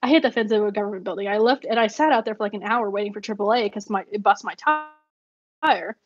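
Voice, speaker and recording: A woman's voice: medium pitch, fast. A woman vlogger telling rambling stories in a casual chat, laughing often between fillers. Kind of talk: casual storytelling while journaling. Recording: dull dry lo-fi recording.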